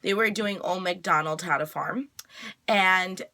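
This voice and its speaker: Recapping a TV episode on her own review vlog, a woman keeps it chatty and retells it with plenty of fillers, especially "like" and "you know." She speaks at a fairly low pitch, a little slowly, with a bright, forceful tone.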